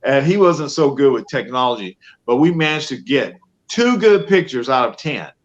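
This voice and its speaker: A man tells an animated story over a video call. The sound is a little dull and muffled. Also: mid-range voice, normal speed. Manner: animated storyteller acting out quotes. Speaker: professional Santa guest. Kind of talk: storytelling interview answers. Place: home studio.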